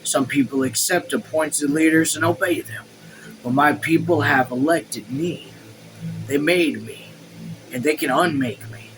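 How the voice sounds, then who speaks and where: A man's voice: on the high side, unhurried, noisy background. A man reading a novel aloud at home, casual, stumbling over words and swearing in asides. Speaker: audiobook reader. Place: home room.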